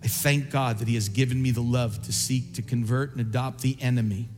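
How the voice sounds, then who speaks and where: A man preaching a sermon in a large church, rising to impassioned shouts and dropping to soft pleading as he calls people forward. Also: mid-range voice, steady tone, brisk, big-room sound, over music. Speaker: pastor. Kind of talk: sermon with altar call.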